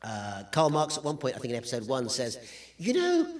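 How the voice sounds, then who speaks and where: A man's voice: mid-range voice, quick pace, distant mic. Man, guest lecturer, public talk with slides, dry wry humor, lots of uhs, mic some way off.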